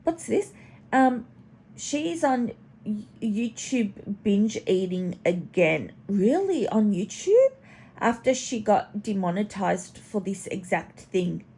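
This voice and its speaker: Gravelly, slow-talking snarky woman. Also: mid-range voice, sing-song, mellow. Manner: chatty, snarky, swears, talks to her pet in baby talk. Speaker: commentary channel host. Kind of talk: casual reaction commentary.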